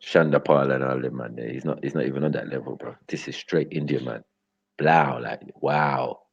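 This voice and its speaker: Bantering with his chat in casual street slang, this young livestream host rambles and laughs often. He speaks at a normal speed in a steady, gravelly bass with some breathiness, and the stream audio sounds dull and lo-fi.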